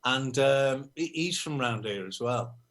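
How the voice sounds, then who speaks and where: A man from Liverpool with a Liverpool accent, a musician guest telling anecdotes in a relaxed, self-deprecating way. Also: medium pitch, measured pace. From Liverpool, England. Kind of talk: casual interview chat.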